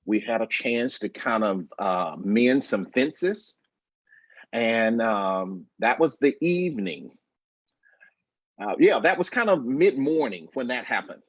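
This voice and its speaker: A husky man in his fifties tells a personal story as a guest, slow and emphatic. His voice comes through a dry, dull video-call line with little room sound. He speaks in a measured, reflective way. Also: mid-range voice, animated, no echo.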